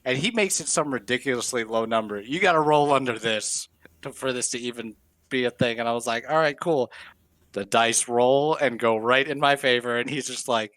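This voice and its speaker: A man co-hosting a podcast, telling a funny story in an animated way and laughing as he acts out what others said. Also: medium pitch, normal speed, no echo. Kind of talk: casual storytelling chat.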